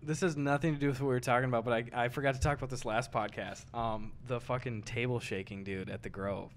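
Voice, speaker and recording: A man's voice: mid-range voice, fairly even intonation, quick pace. A young man co-hosting a podcast, telling a story in casual chat and swearing freely. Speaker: podcast co-host.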